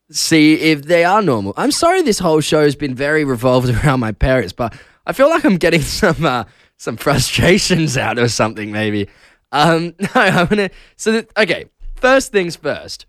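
A man's voice: a little high, dry recording, studio quality. A young Australian man hosting casual breakfast radio, chatting and telling stories with frequent laughs. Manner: chatty, laughs often, animated storytelling. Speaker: radio host. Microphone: studio broadcast mic.

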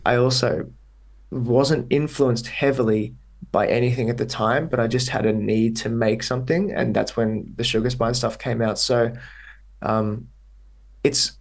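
Gravelly young Australian man chatting. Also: medium pitch, fairly even intonation, unhurried. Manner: rambling, upbeat, lots of fillers. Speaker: guest musician. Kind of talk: casual podcast chat.

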